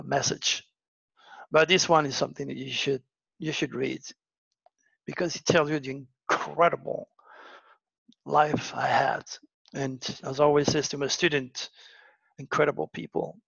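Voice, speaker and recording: A man's voice: fairly high pitch, creaky, a bit bright, no room sound, muffled recording. A man telling a personal story in a dramatic monologue, often repeating words for emphasis. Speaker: astrology show host.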